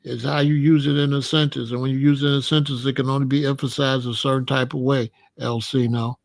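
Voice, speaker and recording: A man's voice: mid-range voice, level tone, a little fast, vocal fry. A man hosting a livestream, lecturing viewers in chat in a preachy, repetitive way. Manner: preachy, lecturing, repeats phrases. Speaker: host.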